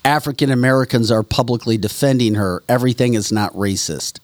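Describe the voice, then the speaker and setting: A man hosting a casual panel talk show who reads out viewer chat and reacts in a lively way. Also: medium pitch, fairly quick, no room sound. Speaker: host.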